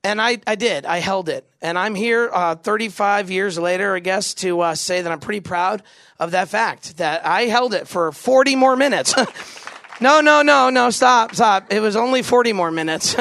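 A man in his forties telling a comedic story to a live audience, animated and jokey, putting questions to the crowd. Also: sits high, normal speed, no room sound. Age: 40s. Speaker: camp speaker.

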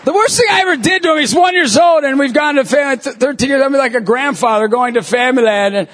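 A middle-aged man from New York State, a lay minister giving a jokey, animated talk to a live audience and acting out voices as he goes. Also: very high voice, quick pace, some chatter behind. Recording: long hall reverb.

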